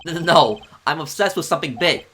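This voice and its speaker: A man's voice: fairly high pitch, animated, brisk, pushed and bright, slight background noise. A man voicing a nervous, stammering young male defense attorney in a game let's play. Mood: earnest.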